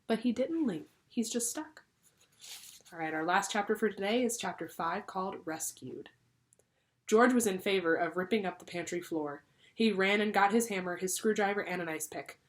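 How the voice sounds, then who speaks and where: A teacher reading a children's book aloud, pausing to explain the story to her class. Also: medium pitch. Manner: lively, pausing to explain to pupils.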